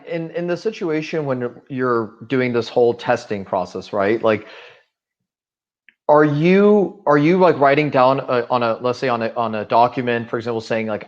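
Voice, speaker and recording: A man's voice: mid-range voice, muffled recording. A man hosting a casual talk show, joking with his guest and asking questions about his work. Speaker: host. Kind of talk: casual podcast conversation.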